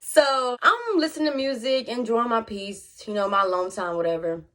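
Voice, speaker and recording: A young woman telling a storytime on her vlog in casual slang, animated and chatty with her viewers. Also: on the high side, normal speed, a little hiss or hum. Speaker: vlogger.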